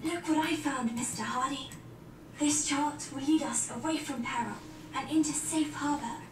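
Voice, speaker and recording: A woman voicing a soft-spoken girl in a horror video game, giving quiet, hushed warnings. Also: high-pitched, moderate pace, natural voice. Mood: eerie. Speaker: game character. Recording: distant, roomy, noisy game audio.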